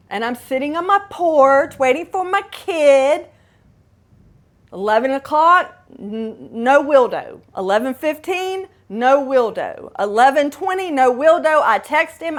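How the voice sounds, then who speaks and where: Slow-talking woman telling her own story. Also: high voice, lively intonation. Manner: candid, dramatic retelling with asides. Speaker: podcast host. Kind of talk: personal storytelling monologue.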